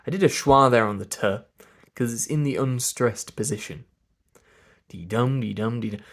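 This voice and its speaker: A man's voice: medium pitch, normal speed, fairly bright tone. A man with an English RP accent, coaching pronunciation by drilling sounds one at a time and explaining them. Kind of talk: slow pronunciation lesson.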